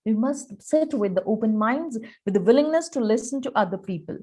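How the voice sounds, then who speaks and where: A woman's voice: a little high, lively intonation, a little fast, dark tone, husky. A woman with an Indian accent giving a personality-development webinar lecture, earnest and emphatic, acting out examples in dialogue. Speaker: professor giving a training webinar.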